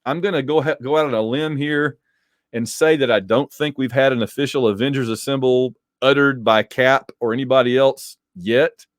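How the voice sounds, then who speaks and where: A man casually reviewing a comic book issue, animated and digressive, with joking asides. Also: medium pitch, moderate pace, no room sound, studio quality. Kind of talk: casual commentary.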